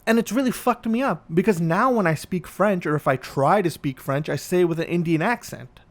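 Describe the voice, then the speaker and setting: A man's voice: high-pitched, brisk. A man hosting a podcast, delivering a profane, ranting comedic monologue. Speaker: podcast host.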